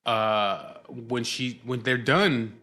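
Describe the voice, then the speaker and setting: A middle-aged male vlogger talks to camera in a casual video, telling a rambling, profane story and often tossing in "you know what I mean." His voice is medium in pitch, bright and forceful, and he draws out his words.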